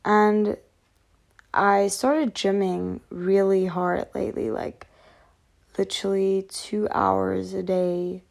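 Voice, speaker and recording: A woman's voice: mid-range voice, steady tone, takes it slowly, vocal fry, darkish tone. A tired woman vlogging candidly to camera, rambling frankly and swearing often. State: tired from lack of sleep. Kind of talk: candid personal talk to camera.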